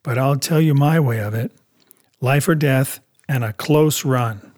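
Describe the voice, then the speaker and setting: A man's voice: mid-range voice, unhurried, darkish tone, close to an everyday voice. A man reading as a stern, blunt sea captain. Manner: firm, clipped and direct. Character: blunt stern male ship captain, plain-spoken. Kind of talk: audiobook character reading.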